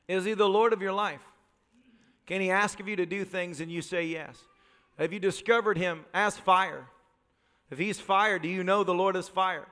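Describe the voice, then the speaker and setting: A man preaching a sermon as pastor, animated and joking, full of rhetorical questions. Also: high voice, normal speed, clear, resonant tone. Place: church sanctuary. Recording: live church recording with long reverb.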